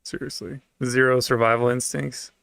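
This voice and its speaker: Gravelly, blunt man reacting to clips. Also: medium pitch, little pitch movement, moderate pace, fairly bright tone, no room sound, clean studio sound. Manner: blunt, sarcastic, swears freely. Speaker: streamer reacting to videos. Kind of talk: casual reaction commentary.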